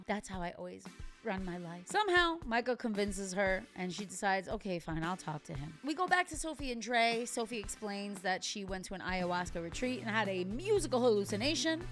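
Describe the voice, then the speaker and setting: A woman in her thirties casually recapping and reacting to a TV episode, chatty and wry, with playful asides. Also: medium pitch. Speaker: TV recap vlogger.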